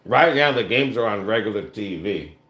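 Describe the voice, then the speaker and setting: A man co-hosting a casual home livestream, explaining things slowly with halting fillers while reading out viewer comments. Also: fairly low pitch, animated, fairly bright tone. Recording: echoey room.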